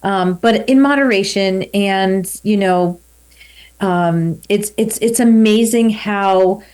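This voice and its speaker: A woman's voice: medium pitch, slow pace, darkish tone. A woman in her fifties, a podcast guest, talking candidly and reflectively in a casual interview. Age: 50s. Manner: candid and reflective, with light laughs.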